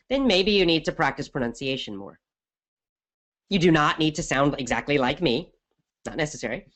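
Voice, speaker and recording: On his podcast, a middle-aged man who teaches English replies to questions sent in by listeners. He's lively, emphatic, and chatty, with a voice on the high side.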